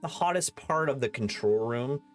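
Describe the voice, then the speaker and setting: A male game master narrates a tabletop game in a mid-pitched voice, filling his descriptions with fillers and restarts. His delivery is loose and conversational. Faint music plays behind. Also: expressive, moderate pace.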